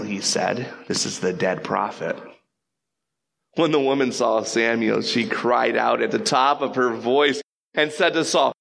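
A pastor preaching a sermon, telling a story in an animated way and slipping into quick voices. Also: male voice, mid-range voice, vocal fry.

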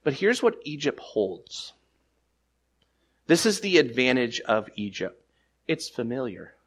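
A pastor preaches from the pulpit, driving key lines up loud and high before sinking into hushed, slower phrases, with big pitch swings and a breathy edge. His delivery is unscripted, and he often stammers and starts over.

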